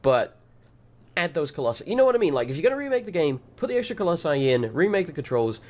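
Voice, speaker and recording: A man's voice: on the high side, big pitch swings, fast talker, darkish tone. A man casually commenting on his gameplay as a let's play host, brash and profane, with a voice that keeps cracking. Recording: voice with game music behind.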